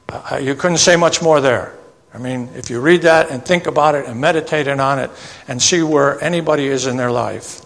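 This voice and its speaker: A man preaching a sermon, reading old scripture verses slowly and then explaining them in plain asides that end with "okay?". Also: mid-range voice, creaky, a bit bright. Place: church sanctuary. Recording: long church reverb.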